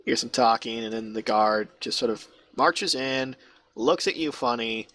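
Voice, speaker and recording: A man running a tabletop game as game master, narrating quickly and wryly. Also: medium pitch, fairly bright tone.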